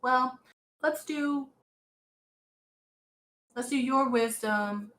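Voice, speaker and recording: A woman running a tabletop role-playing game as game master, narrating slowly with many fillers and restarts. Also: high voice, a bit bright, rough recording.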